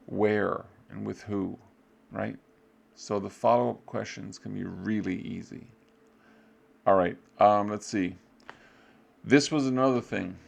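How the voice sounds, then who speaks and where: A man with a gravelly, slightly mellow voice teaches a casual English review unit, with a little hiss or hum on the recording. He's loose and offhand, filling gaps with "blah, blah," and acts out short student replies with jumps in pitch.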